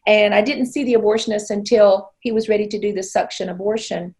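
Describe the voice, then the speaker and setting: A woman's voice: mid-range voice, steady tone, brisk, a little mellow. A woman in her sixties, from Arkansas, earnestly telling her personal story as an interview guest. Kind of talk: personal testimony in conversation.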